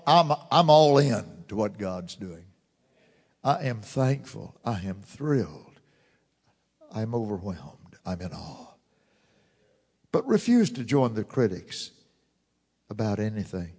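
A fervent man preaching a sermon in a church, swinging from loud declarations to hushed murmurs. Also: mid-range voice. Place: church sanctuary. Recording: long church reverb.

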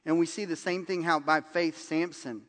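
Speaking at normal speed with a fairly high pitch, this pastor's sermon carries a long reverb tail. He's an animated storyteller who acts out people's lines and laughs along.

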